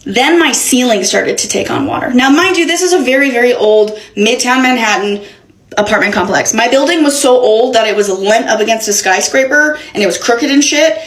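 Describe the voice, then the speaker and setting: Animated, swearing young woman telling a story. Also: fairly high pitch, a little fast, a little hiss or hum. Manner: animated, profane, dramatic retelling. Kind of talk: casual storytime vlog. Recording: echoey room.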